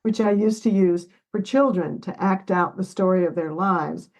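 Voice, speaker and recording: A therapist in her seventies, appearing as an interview guest, speaks at a moderate pace in a fairly low, darkish voice over poor audio. Her reflective talk is earnest and emotional; she sometimes chokes up and laughs while telling family stories.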